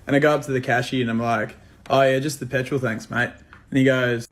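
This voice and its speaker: A man's voice: medium pitch, steady tone, brisk, a bit bright. A man from Australia with an Australian accent tells a story in a laid-back way, acting out both sides of the dialogue. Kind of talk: casual storytelling.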